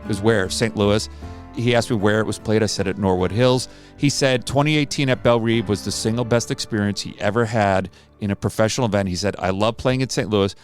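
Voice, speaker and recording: A man who runs a charity golf tournament, telling an animated story and acting out the lines of the people in it. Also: on the low side, brisk, soft background music. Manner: animated anecdote-teller, acts out quoted dialogue. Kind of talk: recorded interview storytelling.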